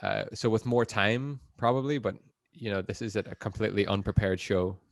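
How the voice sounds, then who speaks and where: A young man co-hosting a podcast, chatting casually and getting animated. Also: lowish voice, fairly quick, gravelly, no echo. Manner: animated, laughs, swears casually. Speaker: podcast co-host. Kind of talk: casual chat.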